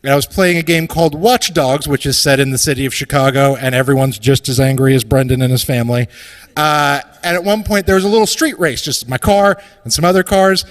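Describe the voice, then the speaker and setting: A man's voice: mid-range voice, fairly quick, in a large hall. A man hosting a live comedy show, telling a rambling, profane, self-deprecating story and introducing acts on stage.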